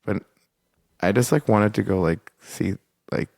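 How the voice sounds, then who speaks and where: A man's voice: fairly low pitch, a little slow, creaky, a little mellow, no room sound, clean studio sound. A young man co-hosting a podcast, telling a rambling casual story, full of "like" and swearing. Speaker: podcast co-host. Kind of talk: casual chat.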